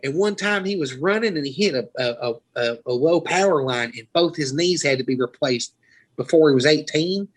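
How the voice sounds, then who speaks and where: Man, podcast host, lively swooping delivery, slightly high voice, profane rambling tales. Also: normal speed, rough recording. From Florida, US. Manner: rambling, profane, laughing storyteller. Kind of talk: casual storytelling chat.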